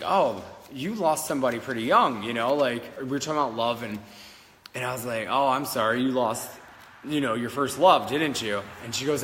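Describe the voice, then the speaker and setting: Bright-voiced, giggly man telling stories. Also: mid-range voice, big-room sound, slight background noise. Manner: giggly, rambling, many fillers and restarts. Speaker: psychic medium. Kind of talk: casual storytelling to camera. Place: old schoolhouse in the country, indoors.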